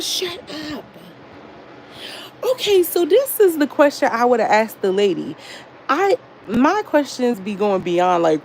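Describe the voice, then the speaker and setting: A young woman chatting casually on a livestream, profane and animated as she reads chat aloud. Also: on the low side, gravelly, a little hiss or hum, poor audio. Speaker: livestream host.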